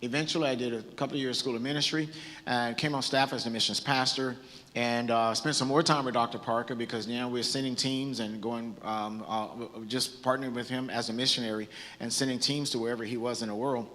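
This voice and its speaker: A man's voice: mid-range voice, steady tone, fairly quick, fairly bright tone. A bishop from Southern California preaching from a church stage, earnest and conversational, often restarting his sentences. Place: church hall. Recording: hall with long reverb.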